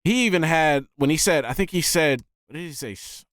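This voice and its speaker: A man hosting a music reaction video, talking casually and excitedly and often saying "man". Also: fairly high pitch, brisk, no room sound, clean studio sound. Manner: animated, often says "man".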